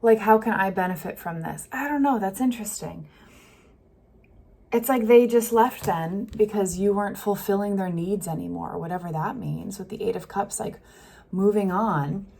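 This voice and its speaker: A woman giving a casual tarot reading, talking gently and thinking aloud with many fillers. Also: mid-range voice, normal speed, creaky. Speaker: tarot reader. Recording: faint street noise behind.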